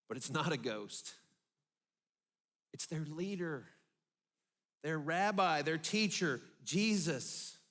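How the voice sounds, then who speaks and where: A man preaching a sermon as pastor, telling the story vividly with dramatic pauses and dropping low for emphasis. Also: fairly bright tone. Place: church.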